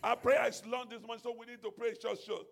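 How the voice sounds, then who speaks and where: A man, a pastor preaching and leading prayer, moving between quiet teaching and loud shouted prayer. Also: very high voice, little pitch movement, quick pace, creaky. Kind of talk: sermon and prayer.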